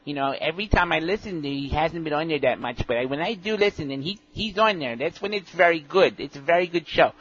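A rambling, self-important pinball know-it-all, as a man puts him on, with a somewhat high voice and a childlike, repetitive way of talking. He circles back on himself constantly and sounds pleased about everything. The recording is dull and lo-fi, with faint hiss underneath. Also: animated, fast talker, hardly any pauses, fairly bright tone. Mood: rambling earnest. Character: odd, rambling middle-aged male pinball know-it-all.

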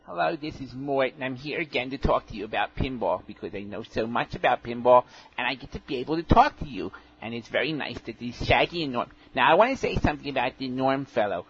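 A man's voice: mid-range voice, expressive, fast talker, few pauses, fairly bright tone. A man voicing an odd, rambling pinball fan who talks in a childlike, repetitive, self-important way. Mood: rambling earnest. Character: odd, rambling middle-aged male pinball know-it-all. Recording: dull lo-fi podcast audio, faint hiss.

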